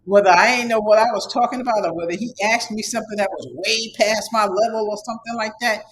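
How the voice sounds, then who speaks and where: A man's voice: sits high, steady tone, fast, a bit bright, slight background noise, low-quality recording. A man who teaches an online course, giving his students a casual, rambling, repetitive motivational talk with emphatic repeated urging. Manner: casual, conversational.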